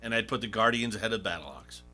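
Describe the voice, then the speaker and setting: Bright-voiced male sports radio host. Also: fairly low pitch, lively intonation, quick pace, faint music behind. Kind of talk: casual sports radio banter. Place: radio studio.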